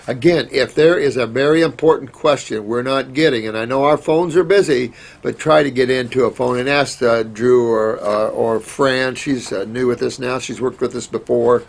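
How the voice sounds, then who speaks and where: A man's voice: medium pitch, steady tone, normal speed, gravelly, few pauses. A man hosting a question-and-answer show, giving casual, rambling advice with many fillers and restarts.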